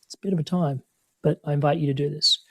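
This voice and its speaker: A man, talking as a podcast guest in an energetic, animated way, acting out quoted dialogue. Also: fairly high pitch, fast. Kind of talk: conversational coaching talk.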